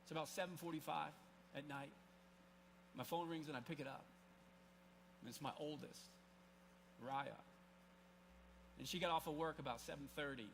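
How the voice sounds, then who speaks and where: A man's voice: a little high, steady tone, normal speed, vocal fry, pauses often, a bit bright, slight background noise. A man in his forties preaching a sermon to a live congregation, telling a personal story in a loose, conversational way full of restarts and asides. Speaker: pastor. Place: church service, live before a congregation.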